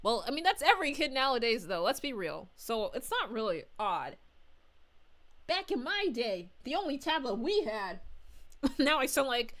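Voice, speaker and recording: A woman's voice: fairly high pitch, sing-song, moderate pace, a bit bright. A woman voicing a bubbly, giggly young princess as a VTuber, reading chat aloud on a livestream with gushing chatter. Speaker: VTuber streamer.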